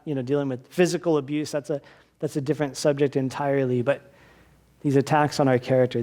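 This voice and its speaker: A man's voice: a little high, a little mellow. A man preaching as pastor at a church service, earnest and exhorting, often restarting his words. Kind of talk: sermon.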